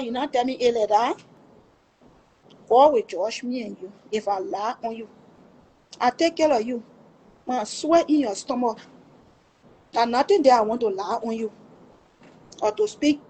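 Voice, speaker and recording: A woman's voice: a little high, warm tone, slightly rough. A middle-aged woman with a Liberian English accent, telling a painful family story in an emphatic, pleading way and swearing before God that it is true. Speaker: livestream storyteller. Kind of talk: emotional personal testimony.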